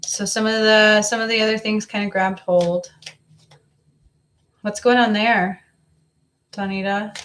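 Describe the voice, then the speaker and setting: A woman's voice: mid-range voice, flat delivery, unhurried, long pauses, fairly bright tone. A woman giving a live psychic reading to a viewer, talking in a coaxing, repetitive way and circling back over the same phrases. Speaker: psychic reader.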